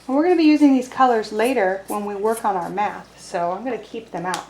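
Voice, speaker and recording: A woman teaching a video lesson to young children, speaking cheerfully, slowly and clearly. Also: medium pitch, a little mellow, reverberant, slight background noise. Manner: cheerful, slow and clear, sings simple songs. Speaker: preschool teacher.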